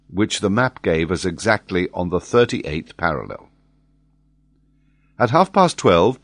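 Deep-voiced man reading an adventure story. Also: no room sound. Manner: expressive, varied reading. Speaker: audiobook narrator. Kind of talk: audiobook narration.

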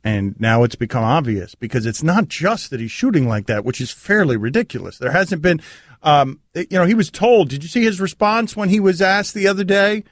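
A man hosting sports talk radio, riffing in an animated way on a studio mic. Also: fairly high pitch, normal speed, dry recording.

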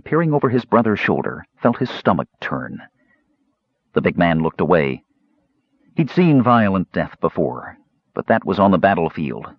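A man reading a fantasy novel aloud as an expressive audiobook narrator. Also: low voice, slightly rough, dry recording. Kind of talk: scripted narration. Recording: slightly muffled dry recording.

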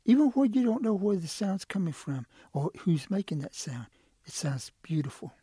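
A man's voice: high-pitched, very animated, normal speed, mellow, slightly rough, no echo, clean studio sound, voice pushed up, exaggerated voice. A man doing a wary old turtle. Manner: hesitant, protective. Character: old male turtle, cautious and protective.

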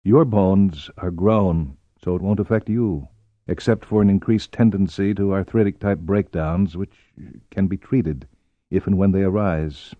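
A man voicing an anxious, careful middle-aged doctor who speaks in measured, clinical tones. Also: low-pitched, no echo, phone-quality sound, voice pushed down. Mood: grave.

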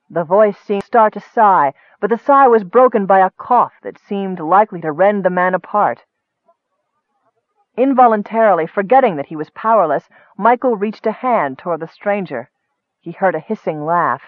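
A man giving steady, expressive scripted narration of a fantasy novel. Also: high voice, moderate pace, dry recording. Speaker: audiobook narrator. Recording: tinny phone-like dry sound.

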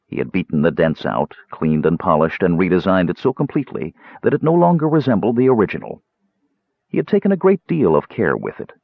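A man with a low voice reads a fantasy novel aloud, his pitch rising and falling dramatically. The delivery is scripted and expressive. The recording is dry and slightly dull. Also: no room sound. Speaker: audiobook narrator.

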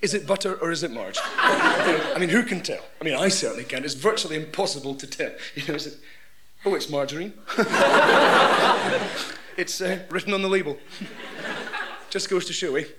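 Deadpan Scottish comic, high voice. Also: male voice, a little fast, very noisy. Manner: dry, deadpan joking. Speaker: comedy host. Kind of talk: radio sketch comedy.

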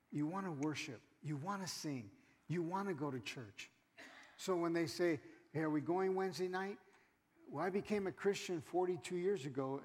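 A middle-aged man preaching a sermon as pastor, animated, swinging from loud exhortation to quiet asides. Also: a little high. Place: church sanctuary. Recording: long hall reverb.

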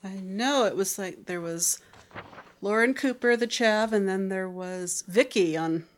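A woman co-hosting a podcast, chatting casually with soft, tentative remarks. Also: medium pitch, a little slow. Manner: soft, tentative, brief replies. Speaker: podcast co-host. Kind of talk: casual chat.

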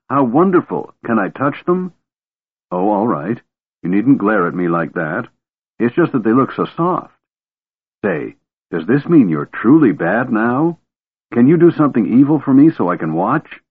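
A man voicing a small, curious male kender who is childlike, chatty and shrill, in an audiobook. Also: breathy edge, dry recording. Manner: eager, wide-eyed questioning. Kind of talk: audiobook character voice. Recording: narrow phone-like audio.

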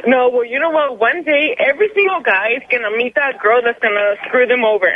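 A woman's voice: on the high side, a little fast, slight background noise. A woman calling into a radio show, arguing defensively and indignantly. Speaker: caller. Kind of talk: call-in radio argument. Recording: muffled phone line.

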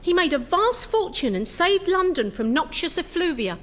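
A woman's voice: very high-pitched, very animated, moderate pace. A woman playing an effusive, arty tourist who gushes with dry irony. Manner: effusive, gushing, dryly ironic. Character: gushing female tourist, arty and enthusiastic.

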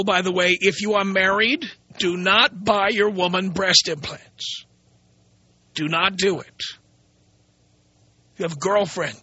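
Male radio host, sarcastic ranter, high and bright, dry close sound. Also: slightly rough, dry recording, muffled recording. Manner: blunt, ranting, sarcastic. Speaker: radio talk show host. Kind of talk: opinionated radio monologue.

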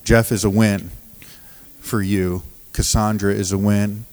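Low, slow-talking pastor in a reverberant church. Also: male voice, level tone, darkish tone. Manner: halting, with restarts, often laughing while telling stories. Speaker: pastor of a recovery ministry. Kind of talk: sermon with storytelling. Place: church sanctuary.

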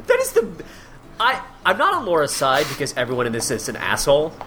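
Man, comedy podcast host, sarcastic reading, lively swinging pitch, light background hiss. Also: normal speed. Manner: mocking, animated, laughs often.

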